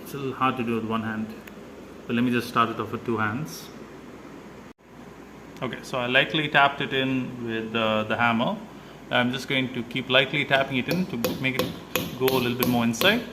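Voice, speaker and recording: A man's voice: mid-range voice, normal speed, background noise. Man narrating his drilling, hesitant. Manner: hesitant, many "uh" fillers, explains step by step. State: slightly out of breath. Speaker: DIY video maker. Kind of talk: casual how-to narration while working.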